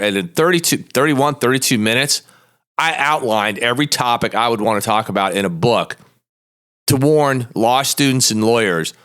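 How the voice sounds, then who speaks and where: Bright, blunt, profane man ranting. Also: medium pitch, clean tone. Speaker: podcast host, lawyer. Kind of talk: profane monologue.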